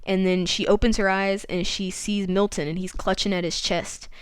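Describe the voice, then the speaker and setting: Smooth, dry-voiced woman recapping a book. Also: medium pitch, no echo. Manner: lively retelling with quick voiced quotes of characters. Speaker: podcast host.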